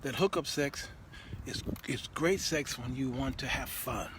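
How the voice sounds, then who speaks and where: A middle-aged man hosting a talk show, telling stories in an animated, laughing way and often repeating himself. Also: medium pitch, a little slow, background noise. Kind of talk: comedic storytelling monologue.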